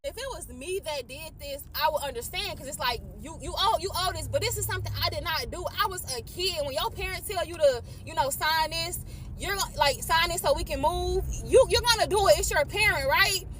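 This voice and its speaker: A woman's voice: very high-pitched, a little fast, fairly bright tone. A woman in her twenties venting about a personal grievance, swearing, frustrated and holding back tears. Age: 20s. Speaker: vlogger. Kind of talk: emotional vent.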